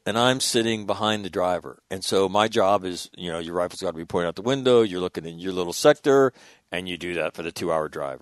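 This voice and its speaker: Animated man in his sixties, dry sound. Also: fairly low pitch, no echo. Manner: profane, animated anecdotes. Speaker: guest, former military officer. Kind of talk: casual storytelling.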